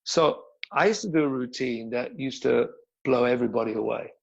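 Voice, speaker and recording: A man's voice: mid-range voice, normal speed, creaky, lo-fi sound. An older man, a yoga teacher, telling stories bluntly in a casual interview, swearing and repeating words.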